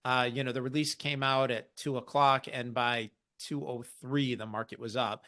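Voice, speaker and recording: A man's voice: medium pitch, fairly even intonation, moderate pace, sharp tone. A man hosting an investing podcast, explaining market news in a casual, wry way. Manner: explanatory, wry, quotes others in mock voices.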